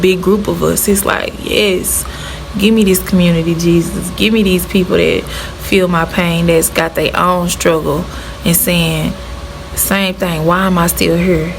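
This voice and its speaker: Chatty heartfelt woman vlogger, lowish voice. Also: steady tone, normal speed, noisy background. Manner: heartfelt, chatty, faith-filled storytelling. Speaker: vlogger, former middle school art teacher. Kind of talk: casual talk to camera.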